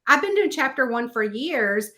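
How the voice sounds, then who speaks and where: A woman author talks through her work habits in a relaxed interview. She has a bright, slightly high voice. She tells stories in a lively, chatty way and leans on fillers as she goes. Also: moderate pace. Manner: chatty, animated storyteller with many fillers. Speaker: guest author. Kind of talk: casual interview chat.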